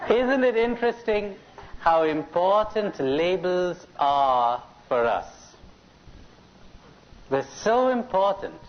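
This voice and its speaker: A man's voice: fairly high pitch, expressive, slow pace, long pauses. A middle-aged man giving a live talk at a spiritual conference, asking his listeners questions and telling jokes. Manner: questioning, tells jokes to an audience. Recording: dull lo-fi cassette tape recording.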